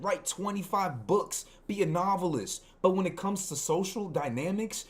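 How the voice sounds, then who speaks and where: Male host, fairly high voice, ranting reaction commentary, swears a lot, repeats for emphasis. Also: a little mellow. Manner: profane, emphatic, repeats himself for stress. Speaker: video host reacting to clips.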